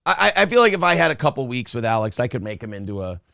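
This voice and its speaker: A man's voice: mid-range voice, sing-song, rapid-fire, creaky, fairly bright tone, dry recording, clean studio sound. A man co-hosting a casual morning live stream, reading viewer messages aloud and trash-talking rivals with brash, boastful swagger. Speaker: co-host of a morning show.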